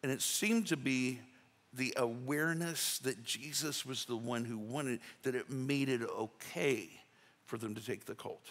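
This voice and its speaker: A male pastor preaches a sermon in a folksy, conversational way, acting out little quotes, in a reverberant church sanctuary. His voice is medium-pitched, a bit bright, and a little slow.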